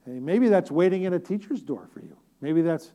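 A middle-aged man preaching a sermon as a pastor, telling stories with humor and swinging from loud, emphatic declarations to hushed near-whispers. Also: high voice, expressive, brisk. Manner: storytelling with humor.

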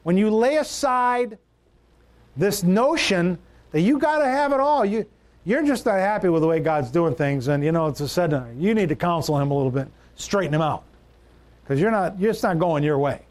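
High-voiced emphatic male preacher. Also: animated, moderate pace, a little mellow. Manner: emphatic, repeats key phrases, shifts pitch for stress. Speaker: pastor. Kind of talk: sermon.

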